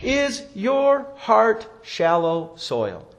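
A man preaching a sermon as pastor, telling stories and acting out quotes, with sharp rises and drops in his voice. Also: high-pitched, huge pitch swings, drawn-out words.

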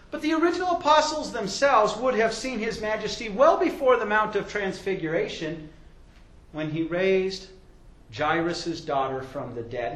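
A man preaching a sermon to a congregation, emphatic and rising loud when he quotes scripture. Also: high voice, roomy sound, poor audio. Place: church hall with a congregation.

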